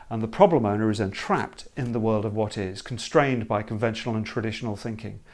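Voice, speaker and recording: Gravelly emphatic male workshop speaker. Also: mid-range voice. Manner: emphatic, animated, acts out hesitant problem owners. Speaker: creative problem solving consultant. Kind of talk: explanatory talk.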